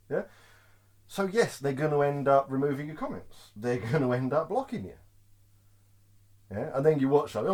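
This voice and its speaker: A man's voice: on the high side, normal speed, long pauses. A man vlogging as a truck driver, ranting casually to camera, often laughing and checking in with the viewer. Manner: lively, keeps asking "Yeah?" to the viewer; laughs often between points.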